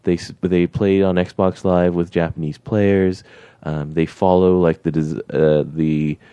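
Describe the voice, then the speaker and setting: A man's voice: sits low, flat delivery, unhurried, warm tone, smooth, no room sound, muffled recording. A man hosting a casual podcast chat, telling stories and laughing often. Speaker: podcast host.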